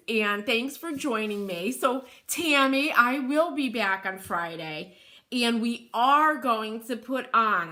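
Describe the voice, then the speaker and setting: Middle-aged connecticut lady hosting a live craft stream, slow easy talk, giggly, reads comments out loud. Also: fairly high pitch. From Connecticut, USA. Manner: chatty, laughs often, reads viewer comments aloud. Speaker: craft tutorial host. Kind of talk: live chat with viewers.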